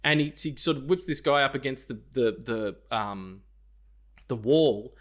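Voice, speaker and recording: A man's voice: medium pitch, measured pace, fairly bright tone. A man co-hosting a casual film podcast, swearing freely and acting out scenes in quoted voices. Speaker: podcast co-host.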